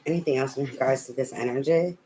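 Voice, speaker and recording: A tarot reader talking through a love reading in a loose, casual way, blunt and full of swearing. The voice sits at an ordinary middle pitch. A faint ambient hum stays underneath. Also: fast talker, poor audio. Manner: blunt, profane, animated.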